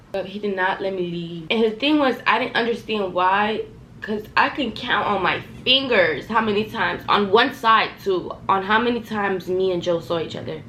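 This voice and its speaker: A young adult woman telling a storytime vlog, animated and profane, talking straight to her viewers. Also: mid-range voice, normal speed, slight background noise. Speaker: vlogger. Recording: echoey room, faint ambience.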